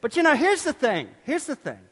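A man preaching a sermon as pastor, animated, swinging between loud outbursts and hushed, quiet lines. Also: extremely high pitch, fairly quick, in a large hall. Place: church.

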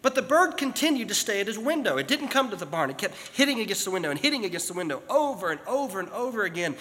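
A male pastor preaching a sermon, telling a story that builds toward fervent, shouted calls from the pulpit. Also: sits high, big pitch swings, fast, hardly any pauses. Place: church sanctuary. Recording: long hall reverb.

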